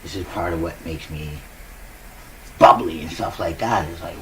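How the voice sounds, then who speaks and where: A man rambles cheerfully to his audience, breaking into giggles as he talks. His voice sits low but swings widely in pitch. He sounds set back from a cheap microphone, with clear room noise around him. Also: expressive, measured pace, recorded from a distance. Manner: giggly, upbeat, laughs often. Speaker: vlogger. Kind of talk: casual rambling monologue. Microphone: new cheap desk microphone.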